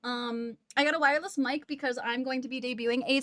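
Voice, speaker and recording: A woman's voice: high-pitched, steady tone, brisk, fairly bright tone, no echo, clean studio sound. A woman streaming live from home on a wireless mic, chatting casually and giggling as she coos baby talk to her cat.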